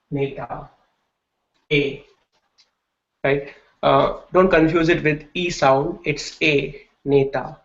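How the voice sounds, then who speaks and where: A man gives a classroom lecture, explaining step by step and checking in with his students as he goes. His pace is slow and deliberate, and his voice sits slightly high. The recording is dull and lo-fi, with a roomy echo from the classroom. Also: gravelly. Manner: explanatory, checks in with frequent "right?". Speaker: Hindi teacher. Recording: echoey room, dull lo-fi sound.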